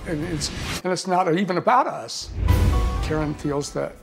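Gravelly, hesitant middle-aged father. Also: fairly high pitch, over music. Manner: hesitant, halting, soft-spoken. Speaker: guest, father.

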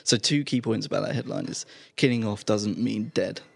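A British podcast guest with a low, gravelly voice. He talks in a dry, matter-of-fact way and gives plain explanations. The chat is casual and relaxed. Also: moderate pace. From United Kingdom.

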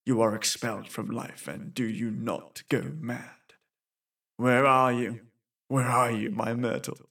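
A man's voice: medium pitch, fairly even intonation, unhurried, vocal fry, a bit bright, slightly rough, recorded from a distance, full character voice. Man doing a heartbroken young prince, wailing and over the top, storybook lament. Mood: despairing. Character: young grief-stricken prince, dramatic.

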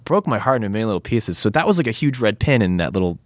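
A man talks as a guest in a relaxed interview. He rambles in an animated way and slips into acting out lines as he tells stories. The sound is dry, with no room around it. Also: fairly low pitch, racing, no echo. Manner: animated, rambling, acts out quotes. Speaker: actor guest. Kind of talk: casual interview chat.

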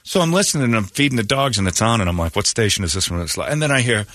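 A man hosting a radio show, ranting and teasing in animated, casual talk from a studio. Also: on the low side, rapid-fire, few pauses, dry recording. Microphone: studio microphone.

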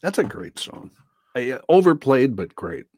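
A man's voice: mid-range voice, very animated, normal speed, a little mellow, dry recording, clean studio sound. A man chatting casually on a radio show in an easygoing way. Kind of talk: casual studio banter.

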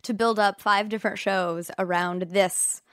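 A woman's voice: mid-range voice, steady tone, measured pace, fairly bright tone, clean tone, no echo, clean studio sound. Enthusiastic woman, chatty interview guest. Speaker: actress, guest. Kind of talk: casual interview chat.

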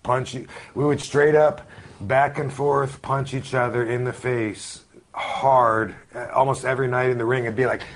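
A man's voice: mid-range voice, level tone, unhurried, a little hiss or hum. Guest in his forties, laid-back rambling storyteller, mid-range voice. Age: 40s. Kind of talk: casual interview chat.

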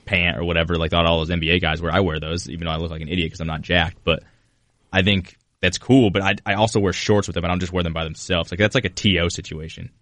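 A man co-hosting a casual sports podcast, trading quick jokes and laughing along. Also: low-pitched, steady tone, a bit bright, no echo. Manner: quick, joking banter, laughs often. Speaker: podcast co-host.

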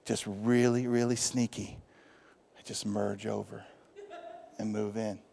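A man with a Texas accent, a pastor preaching a lively sermon in a church, swinging from loud calls to hushed asides. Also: fairly low pitch, creaky, slightly rough. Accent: Texan. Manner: lively preaching with big swings in loudness, asides and quick jokes. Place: church sanctuary. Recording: long hall reverb.

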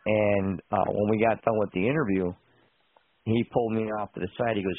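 A man's voice: on the low side, fairly even intonation, fairly quick, slight background noise. A male radio host in casual call-in chat who tells rambling stories full of asides. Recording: tinny phone line.

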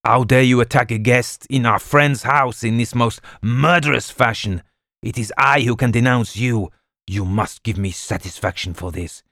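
A man's voice: medium pitch, normal speed, a bit bright, no room sound, clean studio sound, voice pushed up, lightly acted. A man voicing a scheming male thief who snarls and protests violently, in an audiobook reading. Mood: indignant. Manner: snarling, violent, through clenched teeth.

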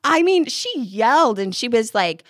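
A woman co-hosting a parenting podcast, telling stories in casual chat with an animated, laughing manner. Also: fairly high pitch, moderate pace, no room sound, studio quality. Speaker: podcast co-host.

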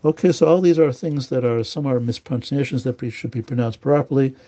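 A man giving an informal spoken lesson on prayer pronunciation, halting often with fillers and restarts and repeating key words to stress them. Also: mid-range voice, dark tone. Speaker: teacher of prayer Hebrew pronunciation.

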